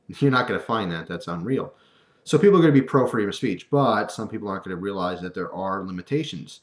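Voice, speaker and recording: Lowish-voiced man ranting in an echoey room. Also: fast. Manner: animated, acts out quoted voices, wry asides. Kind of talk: casual rant to camera.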